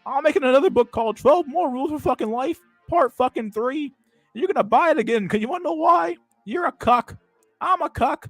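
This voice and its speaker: A man doing a smug, high-pitched self-help guru parody. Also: expressive, fairly quick, fairly bright tone, dry recording, faint music behind, exaggerated voice. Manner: smug, taunting, profane. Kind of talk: parody impression on a livestream.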